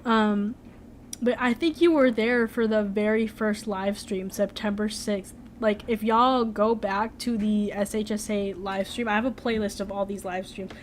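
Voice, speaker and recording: A woman's voice: mid-range voice, fairly even intonation, measured pace, slight background noise. A young woman streamer chatting casually, rambling with lots of "like" and "um". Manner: rambling, full of "like" and "um". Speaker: streamer, animator. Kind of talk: casual live-stream chat.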